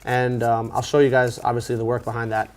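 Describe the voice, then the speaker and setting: Relaxed man teaching card magic. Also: mid-range voice, fast talker. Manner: relaxed, talky, many fillers and restarts. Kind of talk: casual tutorial explanation.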